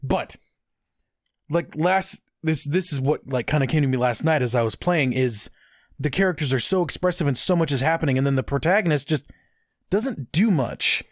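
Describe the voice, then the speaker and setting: Man, podcast co-host, fairly high voice, dry close mic, rambling casual chat. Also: moderate pace, no room sound. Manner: rambling, animated, with filler words and restarts.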